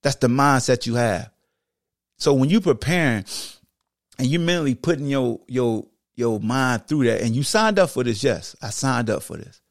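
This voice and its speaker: A man hosting a sports podcast, talking with emphatic repetition that swings between low, heavy stretches and high, excited bursts. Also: normal speed, no room sound, studio quality. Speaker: podcast host and former football player. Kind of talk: impassioned monologue.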